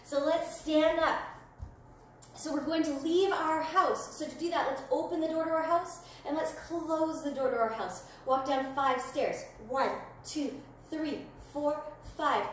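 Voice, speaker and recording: Woman, high voice, kids' yoga instructor, playful and gentle, very echoey room with faint noise. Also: measured pace. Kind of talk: guided children's yoga class.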